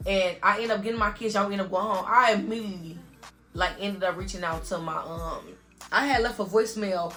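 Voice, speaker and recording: A young woman vlogger tells an emotional story-time monologue, earnestly addressing her viewers and saying "y'all" constantly. Her mid-range voice is brisk and a bit bright, with faint music behind.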